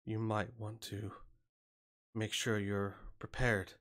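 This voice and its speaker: A man voicing a weary, solemn male cleric in a tabletop game, speaking slowly and quietly. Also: lowish voice, flat delivery. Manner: slow, grave, quiet.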